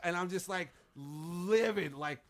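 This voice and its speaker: A man's voice: sits high, slow, fairly bright tone. A man co-hosting a comedy podcast, talking in a rambling, profane, worked-up way. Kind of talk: casual podcast banter.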